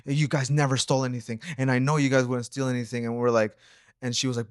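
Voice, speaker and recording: A man's voice: mid-range voice, level tone, fast, clean tone, dry recording, clean studio sound. A young man co-hosting a reaction channel, telling a story in a laid-back, rambling way full of slang and fillers. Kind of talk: casual storytelling chat.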